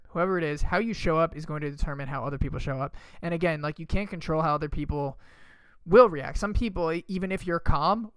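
A man's voice: a little high, fairly bright tone, smooth, no echo. A man hosting a motivational podcast, talking casually and emphatically, with lots of fillers and some swearing. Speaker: podcast host and coach.

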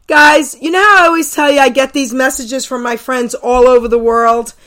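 A woman's voice: high-pitched, moderate pace. A woman hosting a radio show from New Jersey, chatting casually with guests and listeners. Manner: chatty and animated.

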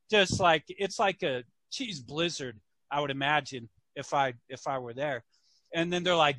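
A man chatting on a podcast, telling a story and jumping into voices for each person in it. His voice is bright and forward, pitched a little high for a man. The sound is dry and close, with no room behind it. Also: a little slow, no room sound. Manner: animated, acts out characters in voices. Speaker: podcast co-host. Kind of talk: casual storytelling chat.

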